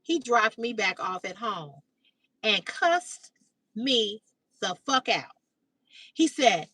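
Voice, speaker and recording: A middle-aged woman is telling a story to her livestream viewers, with a bright, high voice. She swears freely and jumps up higher whenever she acts out the quoted lines. The sound is dry and picked up from slightly away from the mic. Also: very animated, slow, long pauses, breathy edge, no echo, distant mic, poor audio. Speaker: livestream host. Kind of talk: casual storytelling to live chat.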